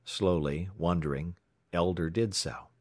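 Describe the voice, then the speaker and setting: A man reading an adventure story aloud in a measured, even manner. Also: deep voice, no room sound, studio quality. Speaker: audiobook narrator. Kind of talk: scripted story narration.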